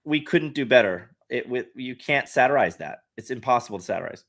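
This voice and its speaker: A man's voice: mid-range voice, lively intonation, brisk, fairly bright tone. A man, a guest on a podcast, talking at length in an earnest, explaining way with frequent restarts. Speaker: podcast guest, satire site head. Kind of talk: casual podcast conversation.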